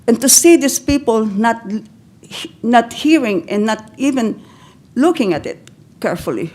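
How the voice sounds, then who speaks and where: An older woman from the Philippines, giving emotional public comment at a county board meeting, pleading and halting with broken-off restarts, close to tears. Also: fairly high pitch, expressive, darkish tone.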